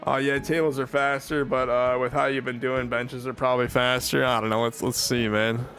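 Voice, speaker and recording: A man's voice: medium pitch, moderate pace, faint music behind. A young man chatting with his viewers while streaming a game, swearing, laughing in bursts and getting worked up. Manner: excitable, swears a lot, laughs in bursts, talks to chat. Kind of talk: live gaming stream chat.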